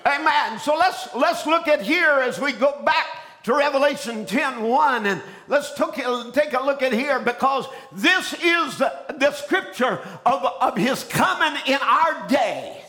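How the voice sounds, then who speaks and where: A man preaching a fiery sermon, shouting his points, calling out to the congregation and often repeating and restarting phrases. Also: extremely high pitch, expressive, measured pace. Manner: preaching with shouted exclamations and call-and-response.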